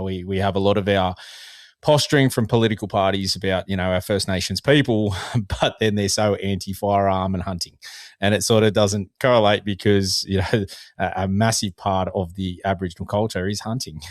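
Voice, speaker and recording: A man hosting a podcast, talking in a relaxed, reflective way. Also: fairly low pitch, no echo, clean studio sound. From Australia. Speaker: podcast host. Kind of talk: casual interview chat.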